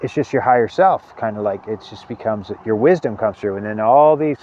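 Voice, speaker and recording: A man giving an earnest spiritual talk, halting often and repeating words as he searches for them. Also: lowish voice, a little mellow, dull audio. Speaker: spiritual teacher.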